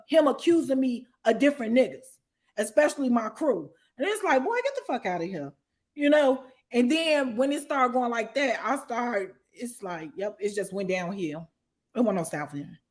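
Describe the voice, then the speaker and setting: A middle-aged woman tells her story in a casual chat, and her voice sits high. She talks bluntly and curses freely. She laughs loudly and often breaks into shouts. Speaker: storyteller guest.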